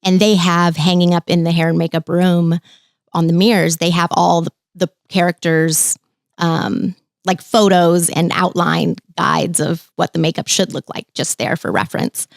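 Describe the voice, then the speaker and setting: A young woman chatting casually as an interview guest, easygoing and quick to laugh. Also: lowish voice, flat delivery, vocal fry, dry recording, clean studio sound. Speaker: guest, former theme-park character performer.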